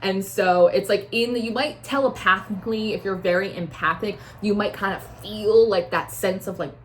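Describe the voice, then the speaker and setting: A woman's voice: mid-range voice, normal speed, hardly any pauses, a little hiss or hum. A young woman giving a casual intuitive tarot reading, rambling with many fillers and acting out quoted voices. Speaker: tarot reader.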